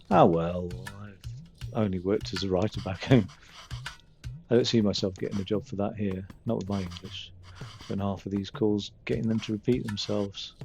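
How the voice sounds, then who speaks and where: Creaky-voiced man reading game dialogue. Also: on the low side, warm tone. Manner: voices all the characters while reading, comments between lines. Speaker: streamer. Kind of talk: live game playthrough, reading dialogue aloud.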